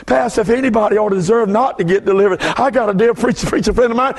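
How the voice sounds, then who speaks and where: A fast-talking man with a Southern US accent, pausing rarely, preaches as a guest at a fervent revival. He alternates hushed asides with bursts of shouting.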